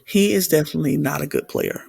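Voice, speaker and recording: A woman's voice: deep voice, fast, vocal fry, darkish tone, breathy edge, no room sound. A woman co-hosting a podcast, recapping a reality show in casual chat with an emphatic, heated manner. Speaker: podcast co-host.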